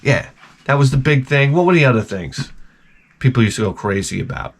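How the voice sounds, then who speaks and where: A man hosting his own video, telling a rambling, profane story in an animated, casual way. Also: mid-range voice, a little fast. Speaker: video host.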